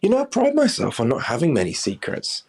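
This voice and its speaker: A man's voice: medium pitch, wildly swooping pitch, fast talker, gravelly, a little mellow, breathy edge. A man in a recorded confession clip, speaking hesitantly with many fillers.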